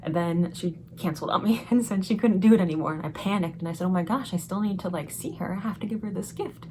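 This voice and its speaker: A young woman vlogger telling a personal story in a chatty, excited way, laughing often. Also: fairly low pitch, fast talker, a little hiss or hum. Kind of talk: casual storytelling vlog. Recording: music playing behind the voice.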